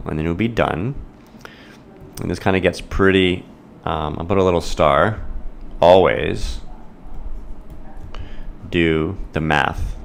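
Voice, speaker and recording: A man's voice: sits low, vocal fry, slight background noise. A man teaching a math lesson in a playful, theatrical way. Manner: playful, theatrical, acts out students' voices.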